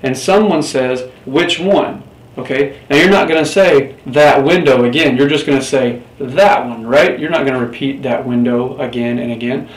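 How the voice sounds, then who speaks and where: A man's voice: mid-range voice, normal speed, few pauses, far from the mic. A man teaching a Spanish class in a recorded lecture, explaining step by step and quizzing his students. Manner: patient, explains step by step, asks the class questions. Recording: roomy, off-mic, faint background hiss.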